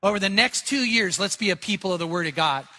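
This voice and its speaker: Fervent older male preacher, high and bright. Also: lively intonation, fast, slight background noise. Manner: fervent, emphatic, repeats phrases. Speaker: pastor. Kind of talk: sermon. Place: church sanctuary before a congregation.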